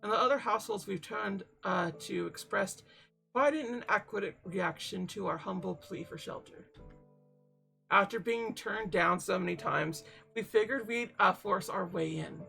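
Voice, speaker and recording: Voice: medium pitch, big pitch swings, moderate pace, gravelly, a bit bright, faint music behind. A streamer voicing a polite, well-spoken man in a plague doctor mask, reading a game aloud with formal, courteous phrasing. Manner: courteous, genteel and overly formal. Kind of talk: let's-play reading aloud.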